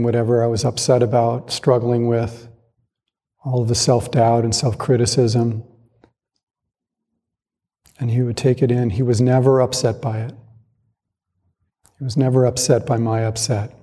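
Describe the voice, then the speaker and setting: Man, Zen teacher, dharma talk, reflective, husky, echoing hall. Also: mid-range voice. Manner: calm, reflective, measured with pauses. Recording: long hall reverb.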